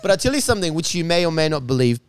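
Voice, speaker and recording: A man telling a long story in casual chat, animated and profane, with many restarts and laughs. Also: a little high, very fast, smooth, no echo. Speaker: guest telling stories.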